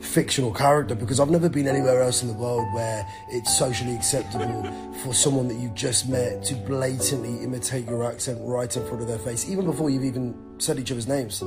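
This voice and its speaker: A man's voice: medium pitch, a little fast, over music. A British man ranting in an exasperated monologue clip.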